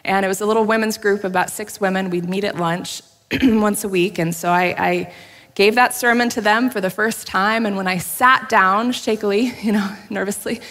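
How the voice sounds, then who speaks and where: A woman's voice: mid-range voice, steady tone, moderate pace, a bit bright. Woman preaching with a candid, laughing manner. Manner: candid, self-deprecating storytelling with frequent laughs. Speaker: pastor. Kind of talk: sermon. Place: church sanctuary. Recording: long hall reverb.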